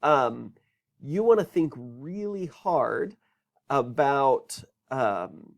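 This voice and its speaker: A man's voice: mid-range voice, sing-song, drawn-out words, gravelly. A man teaching a business course in a recorded lecture, talking conversationally and asking rhetorical questions.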